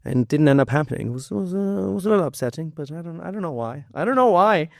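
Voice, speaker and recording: A relaxed male voice actor from Germany talks in an easygoing podcast chat. His native German colours his English with a faint Cologne accent, and he laughs often and trips over restarts. The sound is close and dry, with no room around it. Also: fairly high pitch, very fast, gravelly, no echo. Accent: slight German, Cologne. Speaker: voice actor guest. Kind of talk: casual podcast interview.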